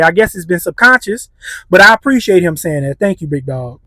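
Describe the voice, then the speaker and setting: A man's voice: sits high, animated, brisk, bright, forceful tone, no room sound. A man hosting a reaction commentary, blunt and heated, with street slang. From United States. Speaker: commentary channel host.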